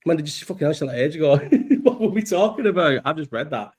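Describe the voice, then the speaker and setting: A young man hosts a live stream, reading the live chat and rambling casually in a fast, fairly high voice with lively intonation. He swears and laughs often.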